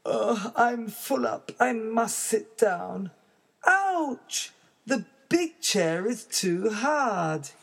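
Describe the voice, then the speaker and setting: A woman's voice: on the high side, animated, extremely slow, vocal fry, few pauses, breathy edge, pitched above the performer's own voice, heavily acted. A woman voicing a curious, fussy little girl who exclaims about everything in a storybook reading. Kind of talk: storybook read-aloud.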